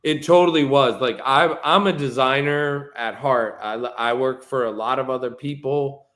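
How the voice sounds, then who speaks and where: A man talks easily and at length as a podcast guest. His voice is medium-pitched, and he drifts from one thought to the next. He is loose and conversational, with plenty of fillers along the way. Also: normal speed. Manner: relaxed, rambling storytelling with many fillers. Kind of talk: casual conversation.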